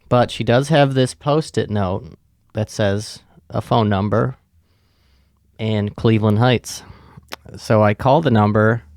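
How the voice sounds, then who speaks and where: A podcast host with a low, gravelly voice talks slowly through a profane, rambling story. His tone is casual and unhurried. The recording is close and dry, with no room sound. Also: a little mellow, no echo. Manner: profane, rambling anecdote teller.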